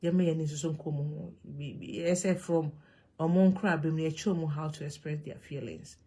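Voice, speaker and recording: A woman with a Ghanaian accent speaks straight to her viewers, moving between Twi and English. Her voice is gravelly and a little husky, and her delivery is animated and emphatic. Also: deep voice, normal speed. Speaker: vlogger. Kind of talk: casual monologue to camera.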